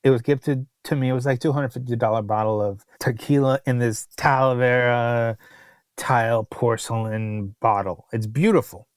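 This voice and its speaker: In a casual podcast chat, a male co-host who works as a restaurant critic tells a long story about a restaurant, throwing in exasperated asides. His mid-range voice is clear and resonant, with fairly even intonation at a normal speed. The recording has no room sound.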